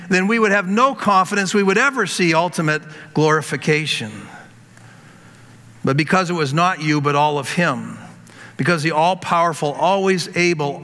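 A pastor preaches a sermon in a high, bright, ringing voice, emphatically driving his points home by repeating words. He calls out to the congregation, addressing them as folks, while a long hall reverb trails each phrase.

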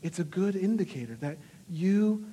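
A man in his thirties preaching a sermon as a pastor, earnest and animated, acting out quoted lines with feeling. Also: high-pitched, moderate pace, big-room sound, slight background noise.

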